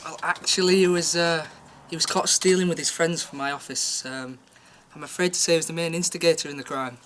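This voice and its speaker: An actor playing a flustered, stammering history teacher in a student comedy drama. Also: male voice, fairly high pitch, steady tone, a little fast, a bit bright, slight background noise, natural voice.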